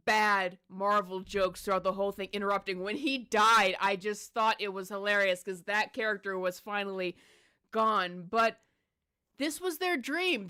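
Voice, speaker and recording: Female commentator, exasperated and sarcastic, crisp, bright tone. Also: mid-range voice. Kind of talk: casual opinion commentary.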